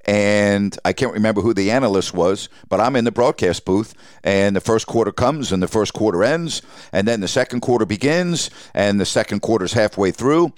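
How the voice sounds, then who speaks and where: A sportscaster in his sixties from Long Island, hosting his podcast and telling a lively story about his early career, acting out the people in it. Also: fairly low pitch, moderate pace, dry recording, clean studio sound. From Long Island, New York. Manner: animated storyteller who acts out quoted dialogue.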